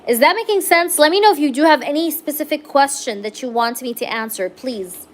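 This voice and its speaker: A woman's voice: high voice, lively intonation, fairly quick. A young woman giving a live-streamed tarot reading, chatty and reassuring, filling her talk with "um" and "okay?" checks. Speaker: tarot reader.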